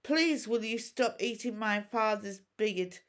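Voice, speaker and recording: Earnest, timid young Viking boy trying to keep calm, read by a woman. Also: mid-range voice, takes it slowly, lightly acted. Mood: pleading. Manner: strained, earnest.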